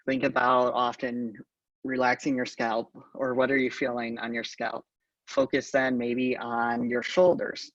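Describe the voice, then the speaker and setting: Gravelly man giving a calm talk. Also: mid-range voice, no room sound. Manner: calm, halting, frequent ums. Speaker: conference speaker. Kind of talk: conference talk on mindfulness. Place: conference talk. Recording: distant, dull lo-fi conference recording.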